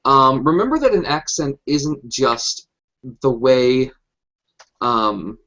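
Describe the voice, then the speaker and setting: A man's voice: mid-range voice, lively intonation, measured pace, pushed and bright. Man explaining over a dull call. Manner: explanatory, hesitant with many ums. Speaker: game master panelist. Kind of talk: casual hangout chat. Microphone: video call. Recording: dull lo-fi video call audio.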